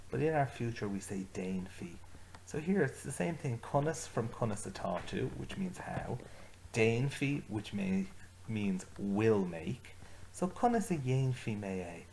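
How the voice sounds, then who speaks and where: A man teaching an Irish language lesson, slowing down to model each phrase for his learners to repeat. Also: medium pitch, creaky, a little mellow, a little hiss or hum. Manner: slows right down to model phrases for repetition. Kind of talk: slow, deliberate lesson with repeat-after-me drills.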